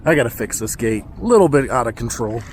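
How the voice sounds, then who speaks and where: A man's voice: lively intonation, quick pace, slight background noise. A man, casually vlogging outdoors on his farm, a bit out of breath as he hurries around and talks to his animals. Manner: talks to his goats, calls out to animals in a high voice. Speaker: homesteading vlogger.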